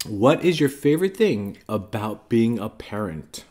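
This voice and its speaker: A man in his thirties hosting a family vlog, chatting gently and patiently with his child between bites of food. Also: medium pitch, very animated, slow pace, long pauses. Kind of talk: casual family chat while eating.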